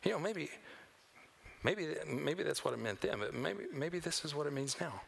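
A man preaching a sermon as pastor, swinging between loud emphatic lines and hushed near-whispers. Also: on the high side, expressive, moderate pace, vocal fry, slightly rough.

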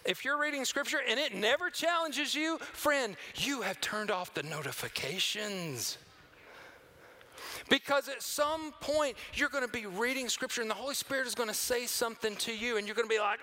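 A man preaching a sermon as pastor, swinging between loud emphatic lines and hushed near-whispers. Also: very high-pitched, animated, moderate pace.

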